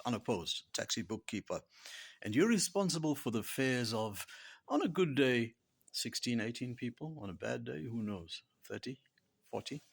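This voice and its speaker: A man delivering a dry, humorous monologue, his pitch rising and falling in a lively way. He slips into quiet whispered asides for punchlines and keeps a wry, deadpan tone throughout. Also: vocal fry, breathy edge. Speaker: blogger and author. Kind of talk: humorous spoken commentary.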